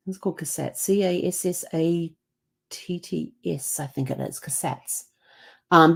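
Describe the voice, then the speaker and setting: Woman, New Zealand accent, low pitch, casual storytelling, laughs often. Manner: chatty, laughs often, acts out dialogue. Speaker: host.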